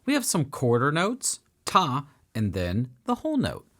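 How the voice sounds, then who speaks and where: A man's voice: mid-range voice, huge pitch swings, a little slow, a bit bright. A man teaching a beginner piano lesson for children, upbeat and encouraging as he counts and sings along.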